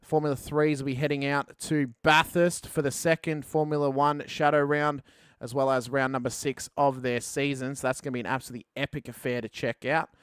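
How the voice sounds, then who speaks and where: A man calling a sim race as play-by-play commentator, rising to excited calls at the finish. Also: mid-range voice, a little fast, clean tone, dry recording, clean studio sound.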